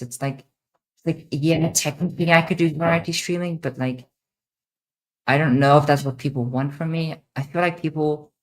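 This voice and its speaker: A young woman streamer hosting a casual Q&A, rambling and repeating herself with many fillers. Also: low-pitched. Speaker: streamer host. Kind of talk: casual livestream Q&A.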